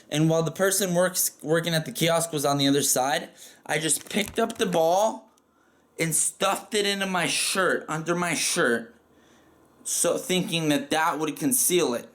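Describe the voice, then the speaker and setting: Male storyteller, casual and profane, slightly higher pitched, rambling delivery. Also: a bit bright. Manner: rambling and profane, with frequent "like" fillers.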